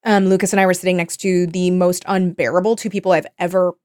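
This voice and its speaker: A woman's voice: on the low side, little pitch movement, fast, darkish tone, no room sound, studio quality. A woman co-hosting a podcast, telling a story in casual chat that rambles, swears and is full of fillers. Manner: rambling, profane, lots of fillers. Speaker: podcast co-host.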